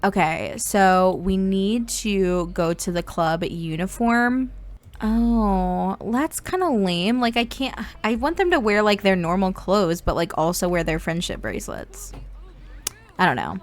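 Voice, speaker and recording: A woman from Indiana giving bubbly, excitable, casual commentary on a life-sim game as the channel's host. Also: mid-range voice, a little slow.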